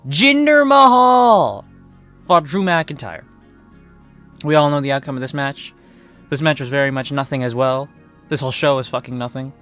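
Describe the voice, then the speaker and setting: A man's voice: mid-range voice, level tone, fairly quick, pauses often, a bit bright, clean tone. Sarcastic young man with faint music behind. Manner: sarcastic, exasperated, swears often. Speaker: wrestling reviewer. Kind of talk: casual spoken review.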